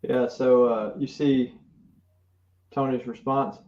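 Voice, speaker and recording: A man's voice: medium pitch, steady tone, slow pace, a little mellow. Teasing man on a muffled roomy line. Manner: teasing, joking. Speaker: co-host. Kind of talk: live-stream banter. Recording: roomy, muffled remote audio with faint hiss.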